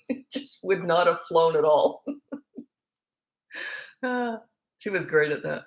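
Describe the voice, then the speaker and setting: A woman's voice: lowish voice, fairly bright tone. A middle-aged woman, a parenting coach, answering viewer questions in a casual, blunt and frank way, repeating words for emphasis.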